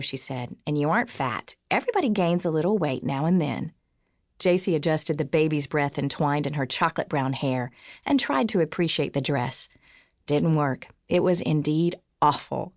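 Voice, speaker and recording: A woman reads an audiobook in a low, dry, close-miked voice. She lifts her pitch for the characters' lines. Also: normal speed, dry recording. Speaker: audiobook narrator. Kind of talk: scripted audiobook narration.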